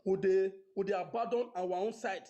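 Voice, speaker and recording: High-pitched nigerian guy calling in, stammers a lot, speaks in pidgin. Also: steady tone, mellow, muffled recording. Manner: halting, stammering, Pidgin-mixed. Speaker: caller.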